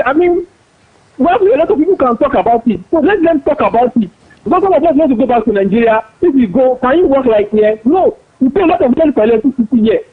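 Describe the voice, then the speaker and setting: A male caller speaking hesitantly with many fillers over the phone. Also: very high-pitched. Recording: tinny phone line.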